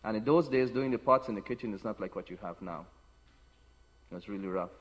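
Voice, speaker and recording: A man giving a devotional talk, telling personal stories in an unhurried way with frequent restarts. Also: fairly low pitch. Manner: unhurried storytelling with many restarts. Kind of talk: sermon with personal anecdotes. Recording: long hall reverb.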